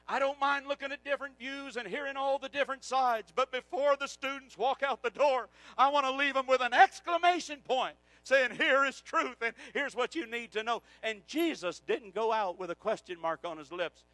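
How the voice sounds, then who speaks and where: A man preaching a sermon, swinging from hushed passages to shouted climaxes. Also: extremely high pitch, normal speed, no room sound, poor audio.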